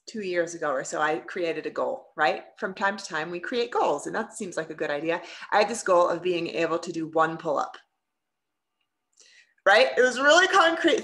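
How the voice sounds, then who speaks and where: A middle-aged woman, a leadership coach, giving an earnest and expressive workshop talk to a group on a video call, asking them questions as she goes. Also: medium pitch. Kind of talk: live online workshop talk.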